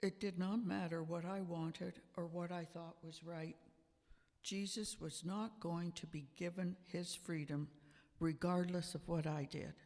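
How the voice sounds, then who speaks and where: On the high side with a steady, darkish tone, a man plays Pontius Pilate, defensively justifying himself on the witness stand in an amateur church drama. His storytelling is slow, deliberate and emphatic, and the church hall adds long reverb.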